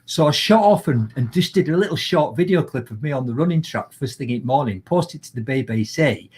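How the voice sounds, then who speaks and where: Yorkshire bloke on a video call, husky voice, chatty and animated, telling stories nonstop. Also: male voice, mid-range voice. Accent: Yorkshire English. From Yorkshire, England. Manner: animated, chatty, lively anecdotes. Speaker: guest, motivational speaker. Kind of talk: casual storytelling in a live video chat.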